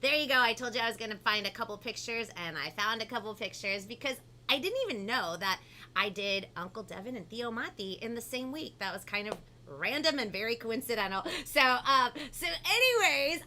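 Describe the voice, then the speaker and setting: A woman hosting a children's live stream, talking in a bubbly, animated way and reading out viewer comments. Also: a little high, a little hiss or hum. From family from Peru. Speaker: host of a live kids' show. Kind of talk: upbeat live-stream chat.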